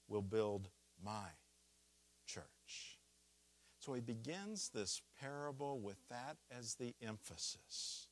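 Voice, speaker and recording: A pastor with a mid-range, fairly bright voice preaches a sermon, moving through a scripture passage. He goes slowly and deliberately, pressing hard on the key words.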